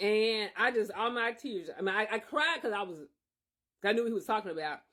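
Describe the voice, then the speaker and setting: A man's voice: high-pitched, lively intonation, a little fast, pushed and bright. A man hosting a podcast, telling a personal faith testimony in an earnest, emphatic way. He often circles back and repeats his phrases. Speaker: podcast host.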